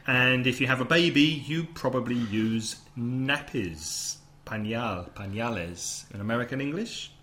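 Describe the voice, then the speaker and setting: A man's voice: medium pitch, a little slow, hardly any pauses, pushed and bright, a little hiss or hum. Man casually explaining English words. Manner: explanatory, tosses in translations. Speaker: podcast host and English teacher. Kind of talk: casual teaching podcast.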